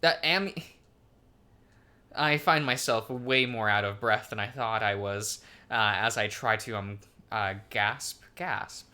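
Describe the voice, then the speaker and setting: Bright-voiced hesitant let's play host. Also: male voice, on the low side, fairly even intonation, measured pace, clear, resonant tone. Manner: hesitant, many ums and uhs, giggly. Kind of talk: reading a visual novel aloud, casual chat.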